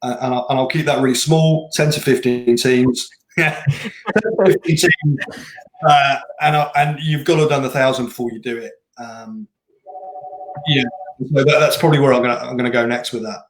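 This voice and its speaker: A man's voice: medium pitch, fairly even intonation, fairly quick. A man who directs a race, talking in a rambling, conversational way as an interview guest. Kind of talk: casual interview chat. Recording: roomy echoing room.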